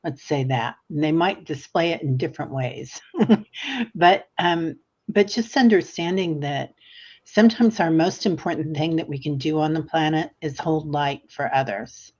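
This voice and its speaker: A woman with a notably low voice talks animatedly as a psychic guest on a livestream. She tells stories in a chatty way with plenty of fillers. Her audio sounds muffled and lo-fi. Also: normal speed, a little mellow. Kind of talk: livestream conversation.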